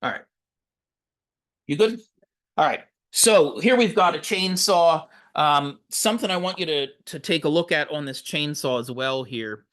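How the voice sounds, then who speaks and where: A man teaching firefighters engine repair in a live online training, practical and encouraging, often pausing on fillers while he works with his tools. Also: a little high, a bit bright. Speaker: fire service instructor. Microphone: video call.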